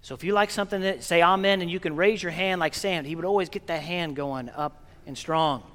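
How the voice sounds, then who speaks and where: High-voiced priest preaching in an echoing church. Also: male voice. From Oklahoma. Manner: earnest, gently paced preaching with pauses. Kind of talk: funeral sermon. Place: large church. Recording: long reverb of a church hall.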